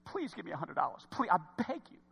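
A man acting out a desperate bank customer, pleading and rising to loud cries. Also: high-pitched, wildly swooping pitch, fast, creaky, breathy edge, in a large hall, full character voice.

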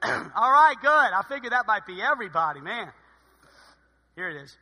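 Bright, high-voiced preacher in a hall. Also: male voice, moderate pace. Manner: lively, joking, acts out his mother's sayings. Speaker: pastor. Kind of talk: sermon. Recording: long hall reverb.

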